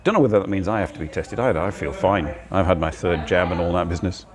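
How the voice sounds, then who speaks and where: Crowd noise surrounds this older man as he livestreams from a cozy cafe indoors, chatting aimlessly between bites. His voice is low-pitched and fast. He films himself on a phone held on a handheld gimbal.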